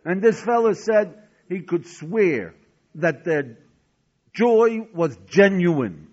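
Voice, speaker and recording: A man's voice: sits high, lively intonation, slow, darkish tone. A man teaching a Talmud lesson as a sermon, telling stories dramatically and asking rhetorical questions. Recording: dull lo-fi recording.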